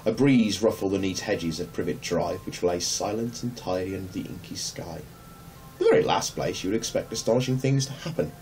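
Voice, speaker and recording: A man reading a children's novel aloud in a measured, gentle storytelling manner. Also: deep voice. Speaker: narrator. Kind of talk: audiobook reading. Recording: distant mic, faint hum.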